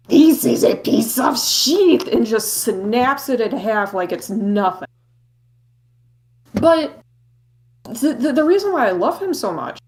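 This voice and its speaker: A woman co-hosting a podcast, chatting casually in quick, excitable, jokey rambling. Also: a little high. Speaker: podcast co-host.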